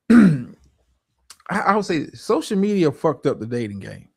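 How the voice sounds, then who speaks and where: A man hosting a livestream talks in a higher, gravelly voice. He swears a lot, restarts his sentences and lectures his audience on dating. The sound is dry and close. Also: very animated, slow pace, darkish tone, no echo. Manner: profane, stammering restarts, preachy advice. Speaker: streamer host. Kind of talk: livestream reaction commentary.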